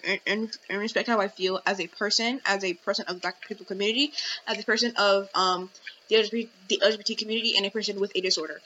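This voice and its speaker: A woman's voice: on the high side, pushed and bright, highs cut off, a little hiss or hum. A young adult woman hosting a podcast, ranting animatedly in casual chat with lots of fillers. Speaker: podcast host.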